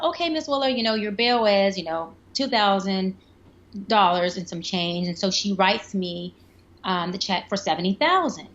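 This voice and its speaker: Woman life coach, animated storyteller, mid pitch, kinda muffled lo-fi audio. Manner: animated, acts out quoted voices. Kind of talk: podcast interview storytelling. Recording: dull lo-fi sound.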